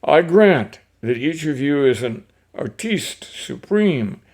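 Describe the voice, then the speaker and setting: Guy reading poems out loud, slow, kinda gravelly, ums and throat clearing. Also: a little high, very animated. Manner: unhurried, with fillers and throat-clearing. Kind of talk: poetry reading with casual asides.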